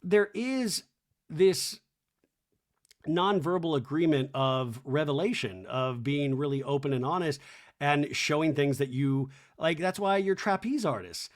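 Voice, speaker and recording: A man's voice: a little high, unhurried. A man hosting a comedy podcast, recapping a reality show in a wry, sarcastic, chatty way.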